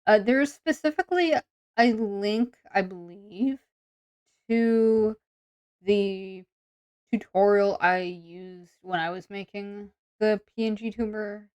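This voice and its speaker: A woman's voice: medium pitch, takes it slowly, a little mellow, smooth, no echo. A woman streamer in casual, rambling chat with viewers, full of fillers. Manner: chatty and rambling, many "like" and "um" fillers.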